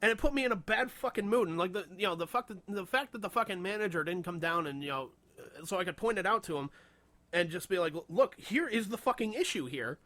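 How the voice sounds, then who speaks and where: A young man co-hosting a casual podcast, telling a heated story full of swearing and quick laughs. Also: high voice, dry recording. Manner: profane, animated storytelling, frequent laughter. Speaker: podcast co-host.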